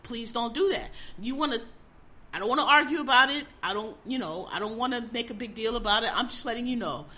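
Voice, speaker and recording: A woman's voice: fairly high pitch, quick pace, pushed and bright. A middle-aged woman ranting casually as a host, blunt, profane and exasperated, hammering her points by repeating them. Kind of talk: casual opinion rant.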